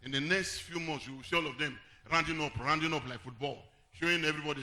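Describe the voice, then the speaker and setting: A man preaching a sermon as pastor, singing some phrases and shouting others, then dropping low to tell stories. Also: fast talker.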